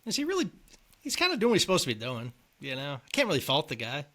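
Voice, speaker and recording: A man's voice: a little high, wildly swooping pitch, quick pace, sharp tone. A man co-hosting a podcast, chatting easily about a film and putting questions to his co-host. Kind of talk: casual movie chat.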